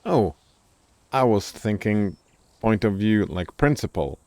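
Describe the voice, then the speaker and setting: A man's voice: lowish voice, expressive, slow pace, darkish tone, dry recording. A man streaming a video game, musing aloud, puzzling over words and joking at himself as he plays. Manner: musing aloud, looking up words, self-deprecating. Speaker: gameplay streamer. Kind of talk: casual commentary while playing a game.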